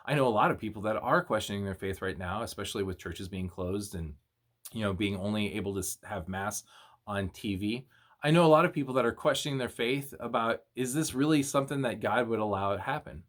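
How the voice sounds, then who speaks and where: A young man, a youth minister, giving a casual video devotional and retelling a story in an animated, slangy way. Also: fairly low pitch, brisk.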